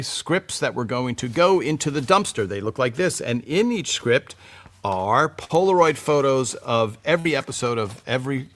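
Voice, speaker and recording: Male live-stream host, mid pitch, chatty and meandering, talks into a desk mic. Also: fairly bright tone. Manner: rambling, chatty, many fillers and restarts. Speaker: livestream host. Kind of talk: casual live-stream chat.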